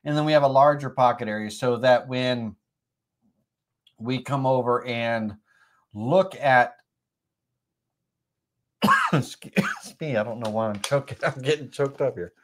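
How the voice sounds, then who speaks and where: A man's voice: mid-range voice, takes it slowly, long pauses. A middle-aged man with a slight cold hosting a live woodworking tutorial stream, rambling with many fillers and self-corrections. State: has a cold, occasional coughs.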